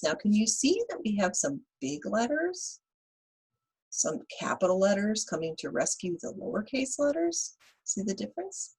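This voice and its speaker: A woman teacher reading a picture book aloud to young children, animated and asking them questions. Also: medium pitch, normal speed, husky, rough recording. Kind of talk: children's read-aloud lesson.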